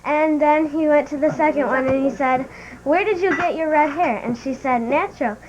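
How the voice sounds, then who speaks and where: A woman with a high voice tells simple jokes to her family at a holiday gathering. She keeps breaking into little chuckles as she tells them. The sound is dull home camcorder audio with a faint hiss underneath. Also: normal speed. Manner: chuckling through her punchlines. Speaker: relative telling jokes at a family party. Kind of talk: casual joke telling.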